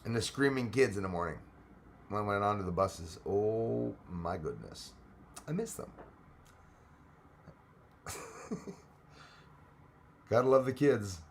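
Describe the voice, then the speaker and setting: A man's voice: fairly low pitch, lively intonation, takes it slowly, gravelly, long pauses, a little hiss or hum. A middle-aged man chats casually on a live stream. He reads viewer names and comments aloud and fills gaps with "uh" and "um". Now and then a small cough breaks in. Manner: chatty, reads out viewer comments, frequent fillers. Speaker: livestream host.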